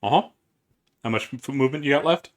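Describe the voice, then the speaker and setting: A man running a tabletop game as game master, briskly working out movement and rules aloud for his players. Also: medium pitch.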